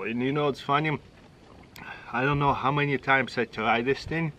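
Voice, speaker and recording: A middle-aged man, a native Russian speaker with a Russian accent, hosts a casual taste-test vlog, chatting in short, exclaiming phrases. His voice is medium in pitch and sharp in tone, moving at a moderate pace. The audio is poor, with a little hiss or hum.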